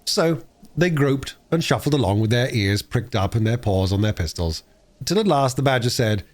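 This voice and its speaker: A man reads a classic storybook aloud in one unpolished take. His voice is mid-pitched and animated, rising and falling freely as he tells the tale. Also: moderate pace. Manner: lively, expressive storytelling with small slips. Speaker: audiobook reader. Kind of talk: unabridged cold reading of a classic novel.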